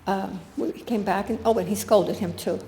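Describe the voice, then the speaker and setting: A woman's voice: medium pitch, fairly even intonation, normal speed, dark tone, slight background noise. Older woman telling a story, echoey room. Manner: earnest, storytelling with quoted dialogue. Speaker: guest speaker. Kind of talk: personal testimony talk. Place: spiritual center meeting room. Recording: echoey room with faint ambience.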